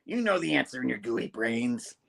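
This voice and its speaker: A man voicing a frantic, wisecracking young male superhero in a squeaky, panicked falsetto. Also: big pitch swings, moderate pace, creaky, fairly bright tone, exaggerated voice. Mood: pleading.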